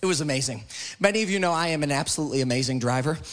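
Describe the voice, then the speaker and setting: A man with a notably high voice preaching a sermon to a church congregation. His delivery is passionate and rhythmic, building through repeated phrases. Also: lively intonation, racing, fairly bright tone, a little hiss or hum. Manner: passionate, repetitive preaching cadence. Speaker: pastor. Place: church service.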